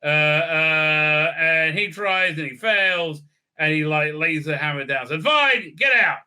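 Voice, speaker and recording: Sarcastic man with a sharp high voice. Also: steady tone, slow pace, clean tone. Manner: sarcastic, profane, rambling with many fillers. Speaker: online video reviewer. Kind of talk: casual recap and review rant.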